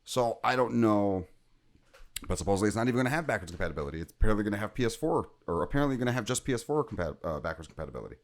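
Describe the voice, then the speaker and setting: A man's voice: on the low side, expressive, very fast. A man co-hosting a gaming podcast in casual chat, rambling and joking, often breaking off mid-sentence. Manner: rambling, self-interrupting, joking. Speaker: podcast co-host.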